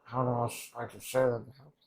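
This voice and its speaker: A man's voice: medium pitch, flat delivery, normal speed, a little mellow, poor audio. A man reacting to an anime episode in rambling, emotional casual commentary, swearing often and restarting his sentences.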